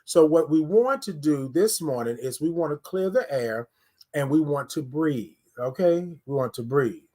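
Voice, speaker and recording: A man's voice: on the high side, normal speed. A man hosting a casual live morning stream, talking straight to his viewers with lots of repetition and leading them in breathing. He is recorded indoors on a camera held close to his face. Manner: energetic, talks straight to viewers, repeats phrases. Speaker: morning livestream host. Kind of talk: casual livestream talk with guided breathing. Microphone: phone or webcam close to face.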